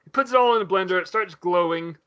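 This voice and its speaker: A man hosting a podcast in casual chat, telling a story in an animated way. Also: high voice, quick pace, muffled recording. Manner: animated, swears and laughs while retelling. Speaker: podcast host.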